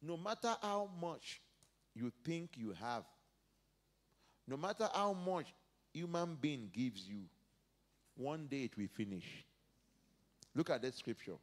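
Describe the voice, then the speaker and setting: A male pastor preaching a sermon, dropping to soft asides and rising to loud emphatic peaks as he reads and acts out scripture. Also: a little high, lively intonation, slow pace, pauses often. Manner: preaches verse by verse, acting out biblical speakers.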